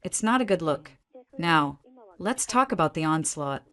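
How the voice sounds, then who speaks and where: A woman voicing a brisk, ruthless divorce lawyer in her fifties, speaking in curt, clipped, commanding sentences. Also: low-pitched, animated, fairly bright tone. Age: 50s.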